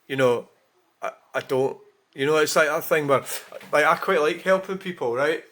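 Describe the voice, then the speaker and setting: A man who vlogs delivers a casual monologue at a moderate pace, his voice on the high side and a bit bright. He wanders from point to point, speaks bluntly, curses often, and frequently corrects himself mid-sentence.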